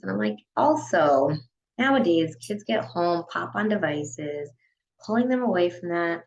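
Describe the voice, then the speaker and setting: A woman's voice: on the low side, expressive, moderate pace, poor audio. A woman who runs a dance studio, talking casually on a podcast and often filling her speech with "you know" and "like". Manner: chatty, frequent "you know" and "like" fillers.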